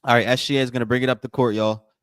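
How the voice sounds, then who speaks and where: A man's voice: medium pitch, level tone, racing, smooth, no echo, clean studio sound. A man hosting a live watch party stream, giving loose play-by-play commentary and talking straight to his viewers. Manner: casual, repetitive, addresses viewers as y'all.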